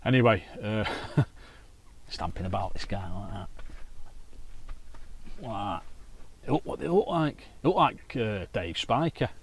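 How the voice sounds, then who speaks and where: A man's voice: fairly low pitch, animated, unhurried, pauses often, husky. Chatty man telling stories by a lake. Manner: chatty anecdotal storytelling with swearing. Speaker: carp angler and vlogger. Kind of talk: casual chat to camera. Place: outdoors by a lake.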